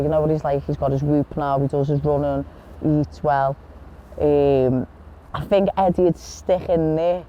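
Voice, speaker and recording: A woman's voice: deep voice, fairly even intonation, moderate pace, dark tone, muffled recording, slight background noise. A woman boxer in a casual interview, blunt and chatty, swearing freely as she tells stories. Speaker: boxer guest.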